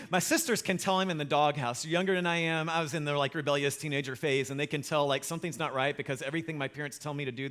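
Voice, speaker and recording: A man preaching a sermon as pastor, telling a funny story in a lively, self-mocking way. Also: on the high side.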